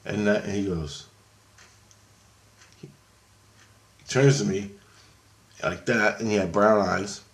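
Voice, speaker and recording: A man's voice: lowish voice, steady tone, takes it slowly, long pauses. A man telling a long story in casual, rambling speech, swearing often and correcting himself mid-sentence. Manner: rambling, profane, self-correcting. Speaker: vlogger recounting a dream. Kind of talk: casual spoken storytelling monologue.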